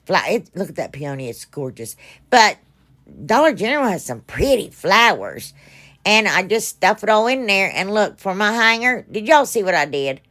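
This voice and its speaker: A very animated middle-aged woman from the United States narrates her craft project at normal speed in a medium-pitched, slightly bright voice. As a craft channel host doing a casual voice-over, she rambles and chats, makes fun of herself, and uses lots of fillers.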